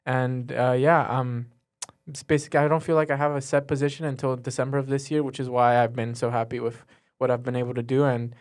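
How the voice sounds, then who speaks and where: A teenage boy, a student guest, answering in a casual interview with an earnest, halting way of talking and many fillers. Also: mid-range voice, little pitch movement. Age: teens.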